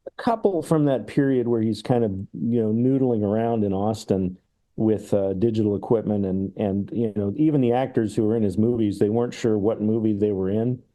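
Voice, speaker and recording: Brisk and mellow with a lowish voice, this film podcast co-host rambles through casual talk. He laughs a lot and plays out remembered sketches as he quotes them.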